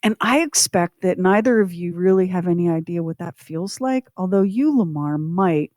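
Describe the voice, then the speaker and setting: Speaking at a normal speed, a middle-aged woman with a lowish, slightly mellow voice opens up about her past while co-hosting a podcast. She's earnest and reflective, and the studio-quality recording has no room sound.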